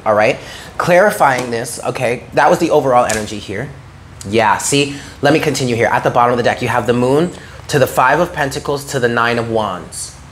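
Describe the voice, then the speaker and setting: A man's voice: mid-range voice, a little hiss or hum. Earnest man giving a tarot reading. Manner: earnest, encouraging, addresses listener directly; frequent "okay?" check-ins. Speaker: tarot reader.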